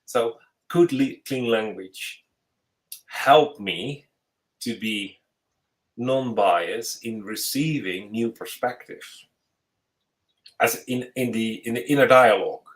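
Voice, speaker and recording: A man's voice: mid-range voice, takes it slowly, pauses often, low-quality recording. A man hosting a podcast as a futurist, talking in a thoughtful, searching way with frequent restarts. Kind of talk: casual conversational interview.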